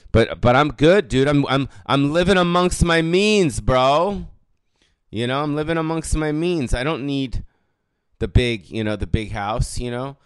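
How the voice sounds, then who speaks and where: Late-40s guy doing a rambly sweary comedy rant, smooth clear voice, dry close sound. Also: mid-range voice, animated, unhurried, no room sound. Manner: rambling, swearing, loud bursts of bravado; trails off into mumbled fillers. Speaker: podcast host.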